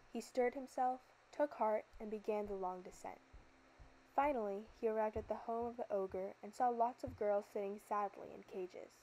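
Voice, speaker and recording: A woman narrating a folktale in a calm, scripted storybook style. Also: on the high side, a little hiss or hum, low-quality recording.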